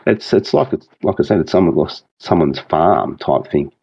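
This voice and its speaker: An Australian man rambling through a casual chat, halting often and restarting his sentences. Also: rumbling low, animated, gravelly, mellow, husky, no echo, dull audio.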